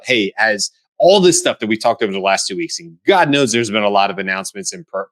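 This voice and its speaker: A middle-aged American man co-hosting a casual panel discussion, animated and acting out quoted voices. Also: on the low side. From United States. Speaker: co-host.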